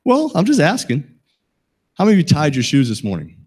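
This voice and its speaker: A man's voice: fairly high pitch, huge pitch swings, a little fast, darkish tone, breathy edge. Folksy man giving a safety talk. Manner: folksy, joking, asks the audience questions. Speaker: safety presenter. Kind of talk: talk to a live audience.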